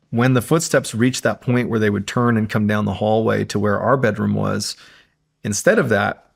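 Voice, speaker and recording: A man's voice: lowish voice, gravelly. A man, a podcast guest, telling a suspenseful true story in casual conversation, building tension and often saying "like".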